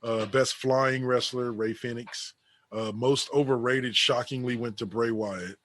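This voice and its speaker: A man's voice: medium pitch, steady tone, a little slow, a bit bright, a little hiss or hum. A man co-hosting a casual wrestling podcast, reading an awards list aloud with sarcastic asides. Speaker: podcast co-host.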